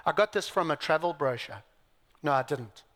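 Dramatic preacher in a big reverberant hall. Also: male voice, fairly high pitch, expressive, normal speed. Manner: dramatic, swinging from loud exclamations to near whispers. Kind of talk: sermon.

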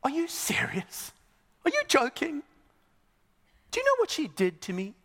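A man voicing an indignant, resentful churchgoer who fires off rapid, exasperated questions. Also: high voice, very animated, fairly bright tone, big-room sound. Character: indignant wronged male churchgoer, resentful and defensive.

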